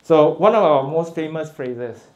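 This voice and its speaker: A middle-aged man from Singapore with a Singaporean English accent, giving a lively, informal lecture as a guest professor, chuckling often and checking in with his listeners. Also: fairly high pitch, a little slow, highs cut off.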